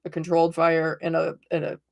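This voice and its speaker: Chatty, upbeat woman with a gravelly edge. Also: sits low, monotone, quick pace, a little mellow, muffled recording. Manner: upbeat, chatty, storytelling with many "right?" tags. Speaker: tarot reader and livestream host. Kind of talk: casual livestream chat.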